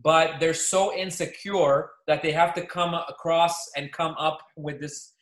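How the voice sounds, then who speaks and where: Male podcast co-host, a touch higher pitch, swears freely, echoey room sound. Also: unhurried. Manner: profane, animated storytelling. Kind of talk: casual chat.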